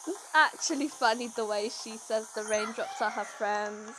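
A woman host casually chatting over gameplay, rambling through a story with lots of fillers and expressive exclaims. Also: fairly high pitch, normal speed, over music, low-quality recording. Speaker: gaming channel host.

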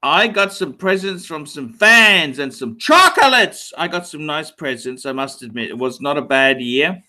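A man's voice: on the high side, lively intonation, normal speed, bright, forceful tone. A man in his forties hosting a casual livestream, rambling, repeating phrases, swearing playfully and reading out donor messages. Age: 40s. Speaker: livestream host.

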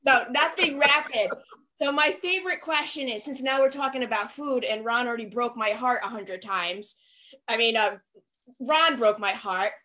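A woman co-hosting over a video call, her voice high and bright. She teases and laughs easily. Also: moderate pace, rough recording. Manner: playful, laughs often. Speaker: co-host. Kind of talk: casual video-call chat.

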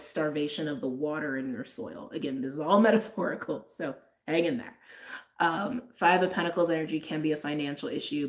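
A woman giving a casual, chatty tarot reading, talking straight to her viewers with frequent "like"s. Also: low-pitched. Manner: chatty, lots of "like", frequent laughs. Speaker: tarot reader.

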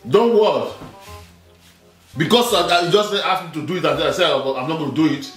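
A man's voice: fairly high pitch, normal speed, fairly bright tone. Stammering man, echoey room. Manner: defensive, stammering, repeats himself. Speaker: husband in a family vlog. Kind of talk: casual couple argument on camera. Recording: echoey room, faint music behind.

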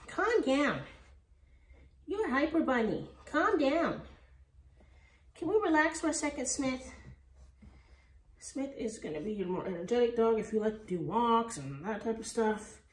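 A woman's voice: fairly high pitch, animated, moderate pace. A woman, a dog breeder chatting casually and using sweet baby talk. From Texas. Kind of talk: casual vlog narration. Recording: echoey room with faint noise.

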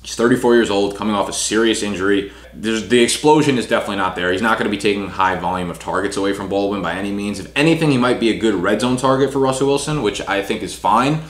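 Young man, low voice, casual rankings chat, fillers, echoey room. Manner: fast casual delivery with fillers like "you know". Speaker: fantasy football analyst.

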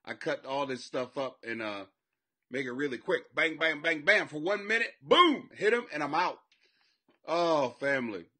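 A man's voice: fairly high pitch, normal speed, sharp tone. A man hosting a comedy podcast from his basement, rambling and swearing and laughing at his own jokes. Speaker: podcast host and comic. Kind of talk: loose profane comedy monologue. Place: home basement.

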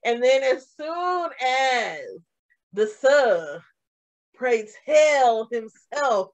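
A woman's voice: sits high, extremely slow. A woman co-hosting a casual review chat, telling her reactions expressively and acting them out. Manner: expressive storyteller who acts out her reactions. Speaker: co-host of a review show.

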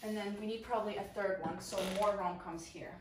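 A woman's voice: medium pitch, steady tone, brisk. A young woman vlogging casually while tidying her bedroom, chatty and swearing now and then. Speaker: booktuber. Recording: echoey room, mic far off.

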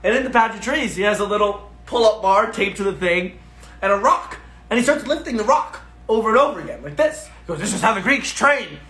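A man hosting a livestream, chatting casually, playing songs and telling animated, self-deprecating stories. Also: high-pitched, brisk, roomy sound. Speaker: livestream host.

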